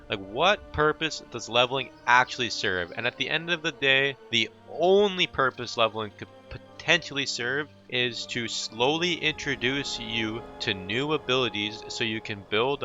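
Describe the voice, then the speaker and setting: A man ranting as a gaming YouTuber, blunt and heavily profane, talking fast and heated. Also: fairly low pitch, bright, forceful tone, dull audio. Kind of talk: ranting commentary.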